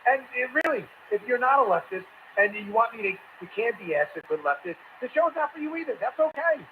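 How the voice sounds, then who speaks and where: A man's voice: extremely high pitch, lively intonation, brisk. A middle-aged man hosting a political talk show, blunt and mocking, repeating his insults. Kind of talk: combative political commentary. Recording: tinny phone-like audio, faint hiss.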